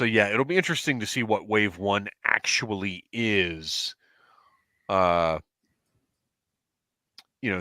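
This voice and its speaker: A man hosting a casual livestream chat, talking through a headset mic. His voice sits a bit low but has a bright, forward edge, with a dry, close sound. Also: dry recording. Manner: chatty, reads chat comments aloud. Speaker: podcast host.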